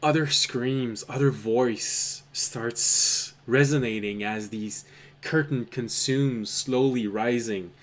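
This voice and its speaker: A man runs a tabletop game, narrating a scene in an unhurried, drawn-out way. His voice sits at an ordinary middle pitch, and his storytelling is measured and dramatic. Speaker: game master.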